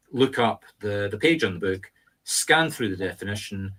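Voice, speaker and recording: A man's voice: on the low side, expressive, moderate pace, a bit bright, breathy edge. A middle-aged man with a Scottish accent, co-hosting a casual chat, talking in an emphatic, instructive teacher's tone. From Scotland. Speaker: medium and co-host.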